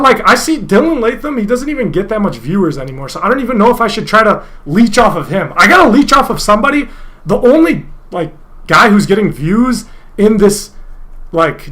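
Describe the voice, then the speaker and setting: Young man, streamer, high voice, bright tone, casual rant, profane, rambling. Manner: profane, rambling, loud outbursts.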